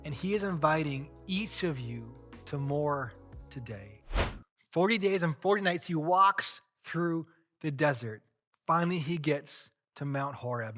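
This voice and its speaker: A man preaching a sermon as pastor, telling a story earnestly with dramatic swings in loudness. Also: mid-range voice.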